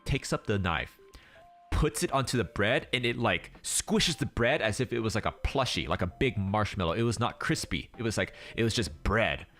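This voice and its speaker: A young male streamer hosts a casual chat, telling a rambling story full of restarts and acted-out quotes, with faint music in the background. His voice is fairly low, expressive and a bit bright, at normal speed.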